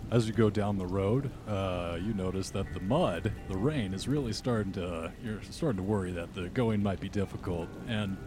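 Deep-voiced man narrating a tabletop game. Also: moderate pace, few pauses, music in the background. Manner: relaxed, descriptive, with fillers. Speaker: game master.

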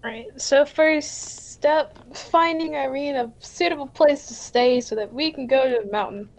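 A woman's voice: sits high, a little slow. A woman playing a tabletop role-playing game, talking in a playful way. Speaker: player.

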